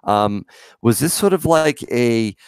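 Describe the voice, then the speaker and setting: A man's voice: medium pitch, lively intonation, slow, clean tone, no room sound, studio quality. A man co-hosting a casual livestream, chatty and laughing often as he reads comments aloud. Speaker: livestream co-host. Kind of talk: casual live chat.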